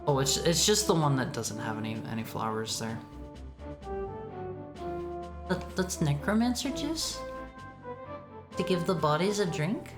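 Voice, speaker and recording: A woman's voice: low voice, expressive, moderate pace, over music. A woman chatting casually while streaming a retro game, stammering and repeating words, reading text aloud. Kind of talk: casual gaming stream chat.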